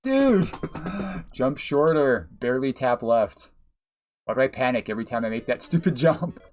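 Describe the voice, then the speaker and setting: A man's voice: mid-range voice, moderate pace, soft background music. A man streaming a platform game live, talking casually, cursing at his mistakes, laughing, and thanking viewers by name. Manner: chatty, swears, laughs often, thanks viewers. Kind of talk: live gameplay commentary.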